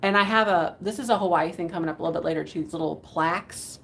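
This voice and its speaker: A woman's voice: fairly low pitch, fast talker, gravelly, fairly bright tone. Chatty woman hosting a live sale. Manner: chatty, giggly, rambling. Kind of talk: casual live selling chat. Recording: faint background noise.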